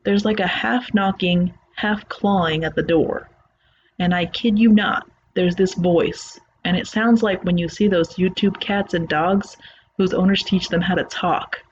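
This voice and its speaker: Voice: mid-range voice, fairly even intonation, measured pace, slight background noise. Dull-sounding horror story narrator. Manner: plain conversational first-person retelling. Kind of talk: reading a horror story aloud.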